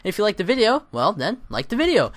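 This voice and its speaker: A man hosting a Let's Play, chatting casually and rambling through his gameplay with self-mocking, excitable asides. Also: high-pitched, quick pace. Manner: lively, excitable exclamations.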